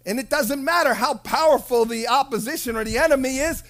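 A preacher delivering an animated sermon, shouting at times, laughing, and acting out quoted people. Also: sits high, a little fast.

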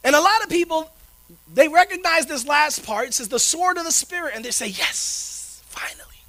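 A man preaching a sermon in a conversational, animated storytelling way, checking in with the listeners by asking "right?". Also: very high-pitched. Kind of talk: sermon with personal stories.

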